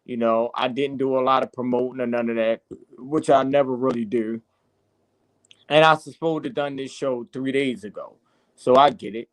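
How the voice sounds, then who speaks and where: A man hosting his own podcast, talking casually and then preaching hard, with swearing and shouts. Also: medium pitch, steady tone, moderate pace, no echo, low-quality recording. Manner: preachy, rising to impassioned shouting and cursing. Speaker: podcast host.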